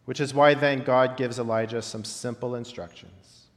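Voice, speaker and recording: Male pastor, mid-pitched, unhurried reflective sermon delivery, heard in a big echoing hall. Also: steady tone. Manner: reflective, with long pauses and softly dropped phrase ends. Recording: long reverb of a large hall.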